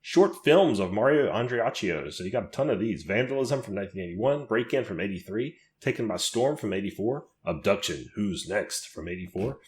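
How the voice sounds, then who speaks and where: A man's voice: lowish voice, animated, moderate pace, hardly any pauses, a little mellow. A man co-hosting a horror podcast in casual chat, laughing often and reading release listings aloud. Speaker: podcast co-host.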